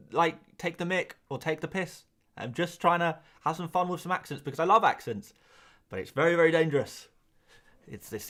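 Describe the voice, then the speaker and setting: A man's voice: fairly high pitch, fairly bright tone. A man, hosting a live stream and chatting casually through viewer comments in a rambling, talkative way. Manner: chatty, rambling, quick asides and laughs. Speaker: fantasy football livestream host.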